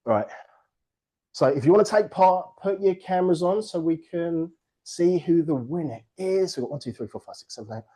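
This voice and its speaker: A man's voice: a little high, fairly quick, slightly rough. A man hosting a virtual book launch on a video call, playful and jokey, leading party games and sometimes out of breath. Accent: non-American English. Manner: lively, playful, jokey, breaks into laughter. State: out of breath at times.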